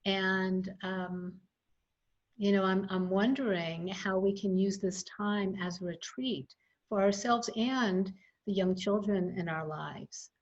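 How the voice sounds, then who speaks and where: A woman guest expert reflects aloud in a relaxed webinar chat. Her voice sits mid-range and comes through somewhat dull, like video call audio. She talks thoughtfully, pausing often with ums. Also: medium pitch. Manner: reflective, thoughtful, with frequent fillers. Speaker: guest expert on early childhood education. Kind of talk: casual webinar conversation.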